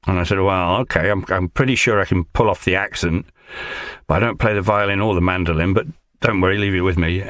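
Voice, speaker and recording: Deep-voiced male actor telling an anecdote. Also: dry recording, clean studio sound. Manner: relaxed, chatty with fillers. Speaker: actor and audiobook narrator, guest. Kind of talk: storytelling anecdote.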